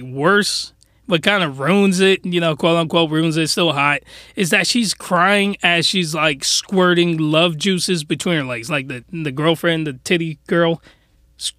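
A man hosting a podcast, giving rambling, animated, comedic commentary. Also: sits high, no room sound, clean studio sound. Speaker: podcast host.

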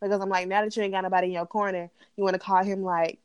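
A woman's voice: medium pitch, racing, clean tone, dry recording, studio quality. A woman co-hosting a casual TV recap chat, blunt and profane as she rants about the show. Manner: blunt, profane, animated ranting. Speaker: podcast co-host.

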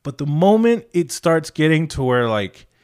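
A man's voice: on the high side, very animated, moderate pace, clean tone. A man hosting a podcast in casual, blunt, heavily profane chat. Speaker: podcast host.

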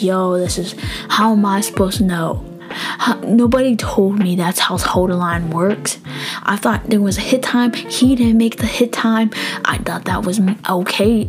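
A young woman tells a story in a loose, profane way, acting out the dialogue and sometimes slipping into a whisper. Her pitch sits in the middle. Faint music plays behind her. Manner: animated and profane, acts out dialogue, drops into whispers. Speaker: vlogger. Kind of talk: casual storytelling.

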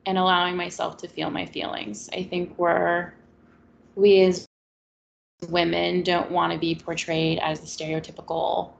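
A woman in her twenties talks through her experiences in a casual, reflective way. Her voice sits low with a gravelly fry, and she slips into dry sarcasm now and then. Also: completely flat delivery, measured pace. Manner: candid, reflective, sarcastic at times. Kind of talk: casual chat.

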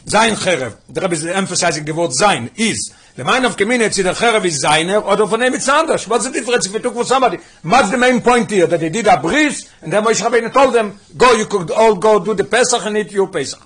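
A man giving a Torah class, rapidly explaining Midrash and mixing English with Hebrew and Yiddish terms, asking his listeners questions as he goes. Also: high-pitched, expressive, a bit bright, slightly rough. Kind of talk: Talmudic lesson explaining Midrash.

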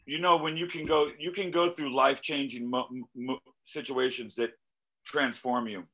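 A male musician talking casually in an interview, telling animated stories, acting out quoted voices and swearing freely. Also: mid-range voice, moderate pace, low-quality recording. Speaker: musician guest.

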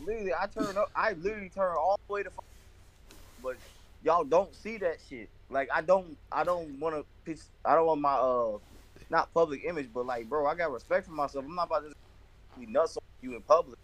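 A young man chatting casually with friends, animated and swearing, with lots of filler words. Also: on the high side, fairly quick. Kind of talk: casual chat among friends.

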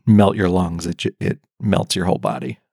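A man's voice: sits low, fairly even intonation, normal speed, creaky, dark tone, breathy edge, dry recording, clean studio sound. A man co-hosting a podcast in casual chat. He talks animatedly and laughs often. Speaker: podcast co-host.

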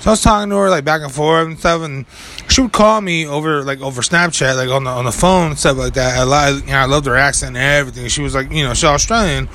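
A man's voice: a little high, quick pace, bright, forceful tone. A young man telling a rambling story in casual chat, full of filler words and swearing. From California. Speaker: podcast co-host.

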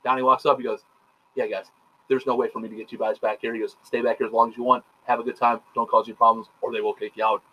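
Fast-talking man telling a rambling story. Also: mid-range voice, flat delivery, muffled recording. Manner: rapid, profane storytelling full of quoted dialogue. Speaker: podcast host. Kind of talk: casual chat.

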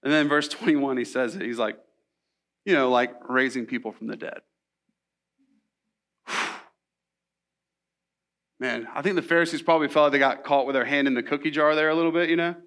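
A man preaching a sermon in a church, animated and conversational, with casual asides to the congregation. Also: mid-range voice, normal speed, long pauses. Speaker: pastor.

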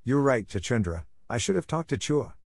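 A plucky young mongoose speaks briskly and scornfully in a lifted voice, as a man reading the story acts him out. He sounds quick and ready for a fight. The sound is dry and close. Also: mid-range voice, sing-song, vocal fry, no room sound, pitched above the performer's own voice. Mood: tense.

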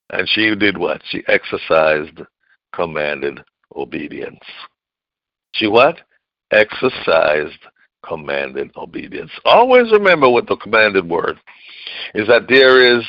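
A man preaching a sermon with call-and-response, repeating key phrases and swinging from loud declarations to low murmurs. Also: no room sound. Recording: dull lo-fi recording.

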